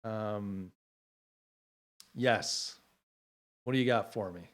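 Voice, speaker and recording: A middle-aged man hosting a casual livestream who talks with heartfelt emotion, halting often with fillers. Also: on the low side. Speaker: livestream host.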